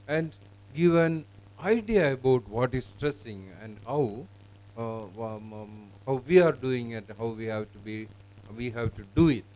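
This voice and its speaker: A man demonstrating teaching software, explaining in a halting way with fillers and restarts. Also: mid-range voice, rough recording. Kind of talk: live classroom software demonstration.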